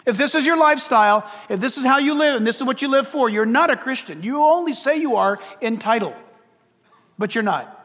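A man's voice: very high voice, animated, fairly quick, fairly bright tone. A man preaching a sermon from the pulpit as pastor, emphatic and full of rhetorical questions. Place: church sanctuary. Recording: long church hall reverb.

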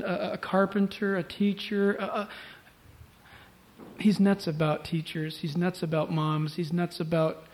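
A pastor preaching a sermon to a church congregation, emphatic and swinging between loud urging and hushed tones. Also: male voice, high-pitched. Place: church service before a congregation.

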